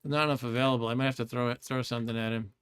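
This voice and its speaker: Casting: rambling, easygoing male streamer, mid-pitched, talks through his gameplay. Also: steady tone, racing, fairly bright tone, clear, resonant tone. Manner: chatty and rambling, laughs often. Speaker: game streamer. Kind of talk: casual gameplay commentary.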